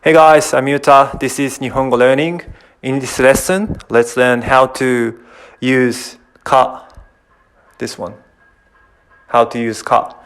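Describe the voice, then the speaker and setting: A man with a Japanese accent, teaching a casual online language lesson and repeating example phrases as he explains. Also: medium pitch. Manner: repeats phrases, restarts sentences while explaining.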